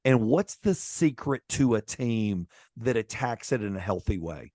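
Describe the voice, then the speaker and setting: A man hosting a podcast, asking questions in an inquisitive way and murmuring quiet agreement while his guest talks. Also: on the low side, animated, measured pace, no room sound, studio quality. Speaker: podcast host. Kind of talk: interviewing.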